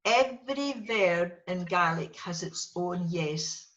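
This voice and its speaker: A woman's voice: lowish voice, lively intonation, slow pace, fairly bright tone, highs cut off. A woman teaching a small class, patiently repeating each word for students to echo. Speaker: Gaelic teacher. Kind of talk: language lesson with a small class.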